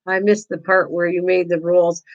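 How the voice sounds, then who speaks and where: A woman's voice: fairly low pitch, level tone, moderate pace, darkish tone, dull audio. An older woman hosting a casual live-stream craft tutorial, chatting with viewers, teasing them and laughing often.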